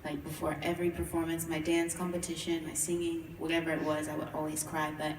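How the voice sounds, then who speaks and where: A young woman singer answering a fan's question on stage, earnest and reflective, with frequent pauses on "um.". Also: sits low, completely flat delivery. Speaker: pop group singer answering fan questions. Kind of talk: casual Q&A on stage. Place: large concert hall. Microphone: phone filming from the audience. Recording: echoey hall from far off, with noise.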